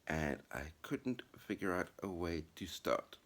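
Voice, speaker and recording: A man's voice: low voice, expressive, a little slow, fairly bright tone. A middle-aged man vlogging casually to camera, chatty and upbeat with a rambling way of talking. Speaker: vlogger and writer. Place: apartment living room.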